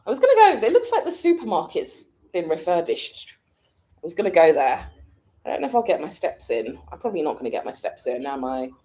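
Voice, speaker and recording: A woman's voice: lowish voice, big pitch swings, fairly quick, mellow. A British woman in casual chat, answering viewers' questions with frequent laughs as she thinks aloud. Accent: British English. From United Kingdom. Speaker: vlogger answering a live chat.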